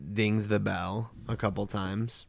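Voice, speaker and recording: A man co-hosting a podcast in casual chat, recapping scenes in an animated way with quick quoted voices. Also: on the low side, gravelly. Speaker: podcast co-host.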